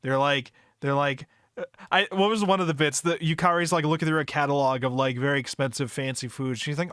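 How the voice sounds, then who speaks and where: Podcast host, man, fairly high-pitched, dry close sound, loose swearing chatter. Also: a little fast, fairly bright tone, smooth, dry recording. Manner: rambling, profane, laid-back retelling. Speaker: podcast book club host. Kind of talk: casual chat.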